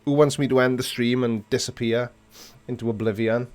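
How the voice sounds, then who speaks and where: A man's voice: medium pitch, steady tone, fairly quick, a little mellow. A man hosting a casual live chat with viewers, answering their comments playfully and pulling mock disgust. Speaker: livestream host.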